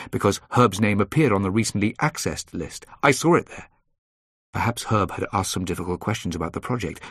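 A man narrating a first-person crime novel in a measured, dry way. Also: sits low, a bit bright, husky, no echo. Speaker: audiobook narrator.

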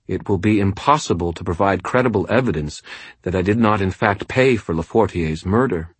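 A ladylike woman speaks in a level, controlled tone over cold fury, her voice dry and close. A male narrator lifts his pitch a little to play her. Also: brisk, breathy edge, no room sound.

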